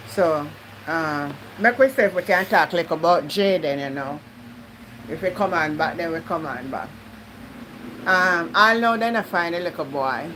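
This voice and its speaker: Jamaican lady hosting a live stream, lowish voice, mixes in patois, talks right to her viewers. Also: a bit bright, slight background noise, poor audio. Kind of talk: casual live-stream chat.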